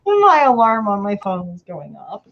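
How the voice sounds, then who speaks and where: A woman's voice: medium pitch, huge pitch swings, measured pace, highs cut off. Blunt, profane woman on a video call. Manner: blunt and profane, laughing often. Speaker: host. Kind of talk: casual chat.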